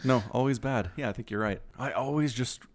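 A man in his thirties co-hosting a podcast, chatting casually and animatedly, his voice leaping up when excited. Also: fairly quick. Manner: animated, jumps high in pitch when excited. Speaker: podcast co-host.

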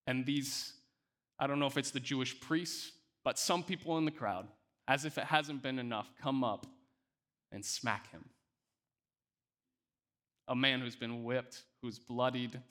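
A man's voice: mid-range voice, steady tone, measured pace, pauses often, a bit bright. A male pastor preaching a sermon, speaking emphatically and often repeating words as he restarts.

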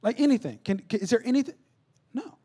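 A man preaching a conversational sermon, acting out little dialogues and swinging between loud bursts and hushed asides. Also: very high-pitched, expressive, quick pace, slightly rough. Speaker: pastor.

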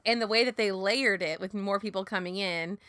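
Woman, casual TV recap chat, enthusiastic, very bright tone, dry close sound. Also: medium pitch, normal speed, clean tone, no room sound. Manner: enthusiastic, chatty, says like a lot.

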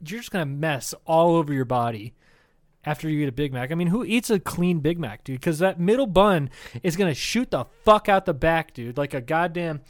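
A man's voice: fairly high pitch, lively intonation, normal speed. A man co-hosting a comedy podcast in casual chat, rambling and profane, tossing in "dude" constantly. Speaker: podcast co-host.

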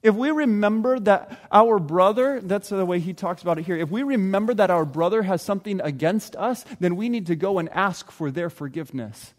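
A man with a high, light voice preaches a sermon in a church. He stays earnest and conversational and sometimes slips into the voices of ordinary people. A long reverb hangs behind each phrase. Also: a little fast, hardly any pauses. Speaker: pastor. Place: church sanctuary.

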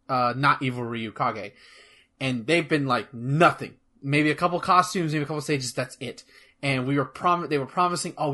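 A man chatting casually about gaming news on a podcast, rambling and excitable, swearing freely. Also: fairly high pitch. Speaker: podcast co-host.

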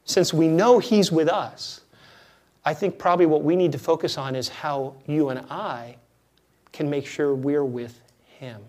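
A man preaching a conversational, jokey sermon as a pastor, his delivery dropping to a hush and then rising loud. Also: fairly high pitch, measured pace. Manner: conversational, jokey, swings between hushed and loud.

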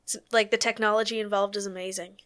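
A woman's voice: medium pitch, level tone, fast talker, a bit bright, clear, resonant tone. A woman co-hosting a casual podcast chat, enthusiastic. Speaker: podcast co-host.

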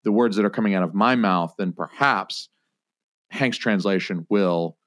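Low-voiced man, joking podcast host. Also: normal speed, dry recording, clean studio sound. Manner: joking, crude banter. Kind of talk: casual podcast chat.

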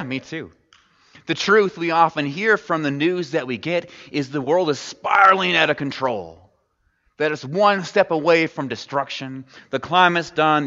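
Putting questions to his congregation, a pastor delivers a conversational sermon in a church sanctuary. He has a fairly high pitch and a sharp tone, and the recording sounds dull within a large, reverberant hall.

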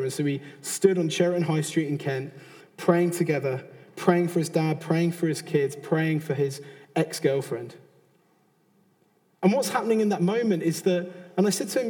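An earnest man with a British accent gives a conversational sermon, doubling back on his words and adding asides. His voice sits fairly high and sounds mellow and soft-edged. Long reverb from a large hall trails behind him. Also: normal speed. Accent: British English. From Britain. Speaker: preacher.

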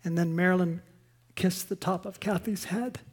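A woman pastor delivering a sermon in an earnest, emphatic way, dropping to a soft, quiet voice for stories. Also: lowish voice, steady tone, moderate pace, breathy edge.

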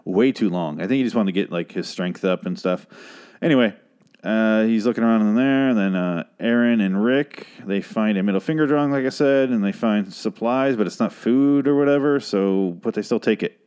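Low-voiced man, hoarse from talking. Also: moderate pace, darkish tone. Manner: rambling, profane, sarcastic asides. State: losing his voice. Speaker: podcast host. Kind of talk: casual episode recap monologue.

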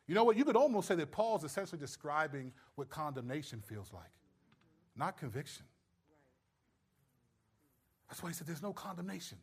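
A man preaching a sermon, stressing points loudly and then dropping to low, quiet asides. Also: a little fast, long pauses. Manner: emphatic, swings between loud stresses and low quiet asides. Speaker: pastor.

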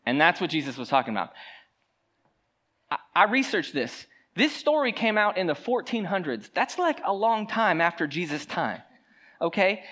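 A pastor preaching a sermon in a conversational, animated way, with joking asides to the congregation. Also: mid-range voice.

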